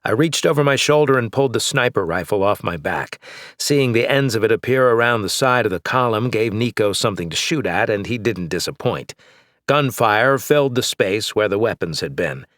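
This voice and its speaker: A man narrating an action novel in first person, in a steady, measured way. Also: fairly low pitch, no room sound, studio quality. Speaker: audiobook narrator.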